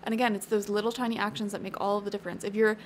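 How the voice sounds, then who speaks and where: A tarot reader gives a casual spoken reading, encouraging and chatty, often thinking aloud with little fillers. She talks very fast in a level tone at an ordinary middle pitch, with faint background hiss.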